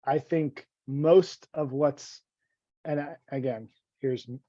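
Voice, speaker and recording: A man in his forties, a vitality coach, appears as a guest on a casual podcast, rambling and poking fun at himself with many stammered restarts. His medium-pitched voice is steady, slow, and dark in tone. The lo-fi audio is dull and dry, with no room sound.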